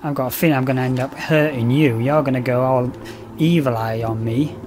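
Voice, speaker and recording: A man commentating on a horror game, swearing often, coaxing and taunting the enemy, and getting loud when frustrated. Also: mid-range voice, steady tone, brisk, noisy background. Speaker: gameplay commentator. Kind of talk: let's play commentary.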